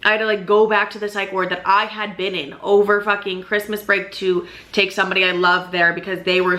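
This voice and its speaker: Bright-voiced young woman, chatty and emphatic. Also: mid-range voice. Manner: emphatic and chatty, heavy swearing and constant "like" fillers. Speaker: YouTube vlogger. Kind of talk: casual storytelling to camera.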